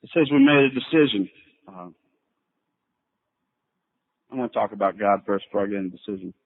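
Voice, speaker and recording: A man's voice: on the low side, brisk, phone-quality sound. A middle-aged man speaking at a recovery convention, plain-spoken and storytelling with casual fillers, on an old 1989 tape. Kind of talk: personal recovery talk.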